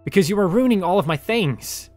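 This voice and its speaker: A man voicing a frantic, furious young hero who yells in panicked outbursts while reading a story aloud. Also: high-pitched, animated, a little fast, faint music behind, pitched above the performer's own voice. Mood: accusing. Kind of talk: story reading with acted voices.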